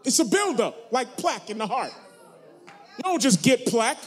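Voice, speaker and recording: Pastor, male, high voice, sermon delivery with call-and-response, loud emphatic bursts between low asides. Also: sing-song, moderate pace, some chatter behind. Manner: preachy, call-and-response with the congregation.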